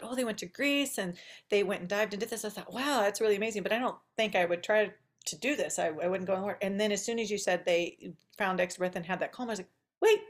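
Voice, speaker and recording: A woman in the middle of her natural pitch range tells a personal story on a podcast. Her talk is chatty and loose, full of asides, and she laughs often as she goes. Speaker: podcast host. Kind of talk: casual storytelling chat.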